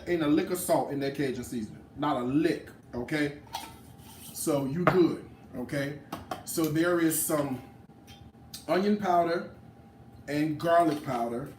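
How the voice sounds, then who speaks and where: A man's voice: a little high, unhurried, far from the mic, background noise. Sassy man cooking, off-mic and roomy. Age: late 30s. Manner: sassy, playful, talks back to viewers. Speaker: home cook. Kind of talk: casual cooking demo. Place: home kitchen. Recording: roomy, off-mic kitchen sound.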